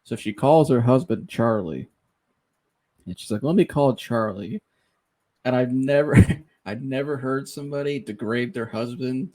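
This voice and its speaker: Dude on a podcast telling a crazy story, keeps laughing, does little voices for people, mid pitch. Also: male voice, moderate pace. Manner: animated storyteller, laughs often, mimics people he quotes. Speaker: podcast host. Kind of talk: casual storytelling.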